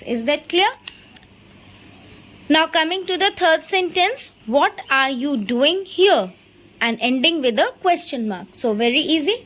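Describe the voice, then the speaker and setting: A woman's voice: sits high, fairly bright tone. A woman teaching a grammar lesson. She spells words out letter by letter, checks whether everyone follows, and slips into Hindi to explain. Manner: mixes Hindi into English explanations. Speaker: English teacher.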